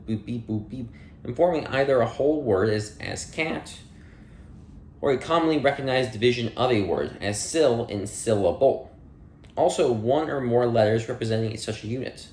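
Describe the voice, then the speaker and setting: A man's voice: medium pitch, a little mellow, roomy sound, a little hiss or hum. A man reading dictionary entries aloud one by one, with plain delivery, dry asides and small playful slips. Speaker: audiobook reader.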